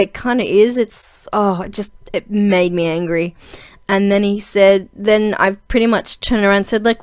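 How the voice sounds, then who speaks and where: A young woman telling a funny story to camera in a chatty, giggly way, with lots of fillers and lively retellings of a conversation. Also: mid-range voice, moderate pace, smooth, no echo. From Australia. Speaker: vlogger. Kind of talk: casual storytelling vlog.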